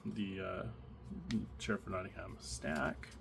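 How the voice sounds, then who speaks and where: Opening card packs, a collector talks in a low, gravelly voice with a flat delivery and measured pace. His casual commentary is full of fillers and restarts, and background noise and card crinkling come through.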